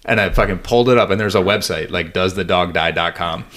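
A man's voice: sits low, quick pace, fairly bright tone. A man chatting casually as a podcast co-host, telling rambling, profane anecdotes. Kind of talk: casual chat.

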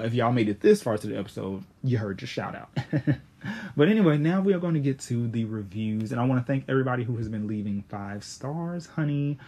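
A young man in his late twenties hosts his podcast in a loose, slangy monologue, jumping now and then into high, excited exclamations. His voice is mellow and dark in tone, with a slightly husky edge. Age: 20s; young adult. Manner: chatty, animated, slangy, with sudden high exclamations. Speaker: podcast host.

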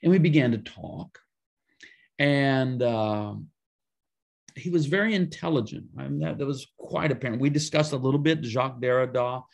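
A man, a pastor and author, telling a story in a conversational interview, with lively emphatic asides. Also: medium pitch, moderate pace, vocal fry.

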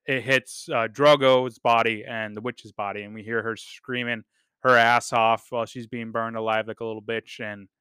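A man's voice: mid-range voice, bright, forceful tone, clear, resonant tone, no room sound, studio quality. A man hosting a podcast, talking casually and enthusiastically, swearing freely with lots of ums and repeated words. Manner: enthusiastic, profane, with frequent fillers and repeats. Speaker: podcast host reviewing a TV series. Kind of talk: casual unscripted review talk.

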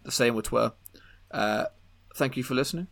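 A man's voice: medium pitch, brisk, creaky, fairly bright tone. A young man, hosting a casual podcast chat and wrapping up the episode. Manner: laid-back, wraps up the show. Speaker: podcast host.

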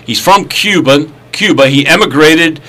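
A man's voice: fairly high pitch, measured pace, bright, forceful tone. A man hosting a talk show, chatting casually and rambling a bit. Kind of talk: casual radio chat.

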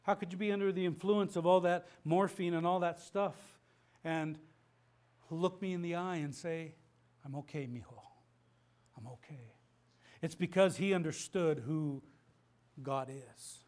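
A man's voice: high voice, fairly even intonation, measured pace, a little mellow. A middle-aged man preaching a sermon as pastor, impassioned, with frequent restarts and repeated words.

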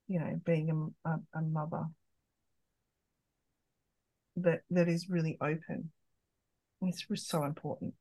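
A woman's voice: on the low side, a little mellow, poor audio. A middle-aged woman, a podcast guest, telling an open, emotional personal story in casual conversation, with many restarts.

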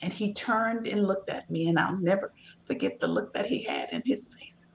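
A woman's voice: medium pitch, sing-song, moderate pace, a little hiss or hum. A woman talking earnestly and emphatically in a casual discussion, giving encouraging advice. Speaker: author and guest.

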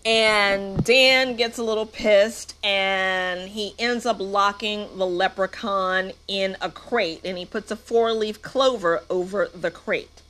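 Woman movie reviewer, casual and sarcastic, slow delivery, mid-pitched voice. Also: fairly even intonation, a bit bright, slight background noise. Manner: sarcastic, playful.

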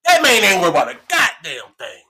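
Man, casual chat, rowdy and profane, lots of laughing, high lively voice, bright husky tone. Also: fairly quick. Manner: boisterous, profane, laughs often.

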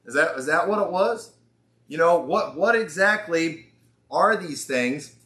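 A pastor gives a conference sermon in an echoey church hall, his Southern-accented voice a little high and sharp, with lively intonation and a slightly slow pace. His delivery is folksy and sarcastic, and he draws out the words when he quotes.

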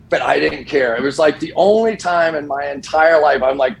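A middle-aged man, a football broadcaster, telling stories casually on a sports talk show and jumping up in pitch when he quotes people. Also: moderate pace, creaky, a crowd in the background, low-quality recording. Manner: animated, voice jumps when quoting people. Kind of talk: casual storytelling.

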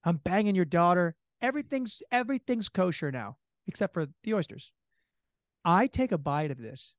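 A man tells a long comic story on a podcast, his pitch swooping all over as he jumps into other people's voices. The sound is dry and close, straight into a studio mic with no room around it. He talks casually and swears freely. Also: moderate pace, no echo. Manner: animated, swings into high quoted voices; laughing, profane. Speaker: podcast co-host. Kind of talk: animated comedic storytelling.

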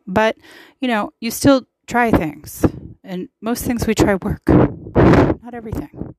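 A woman's voice: a little high, slow, a little mellow, a little hiss or hum, poor audio. A woman hosting a podcast, giving casual political commentary in a chatty, emphatic way with lots of fillers. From United States. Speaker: podcast host.

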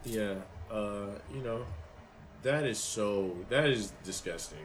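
A man's voice: lowish voice, takes it slowly, soft background music, rough recording. A young man co-hosting a stream, chatting casually in a slangy, profane way. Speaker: stream co-host. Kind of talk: casual chat.

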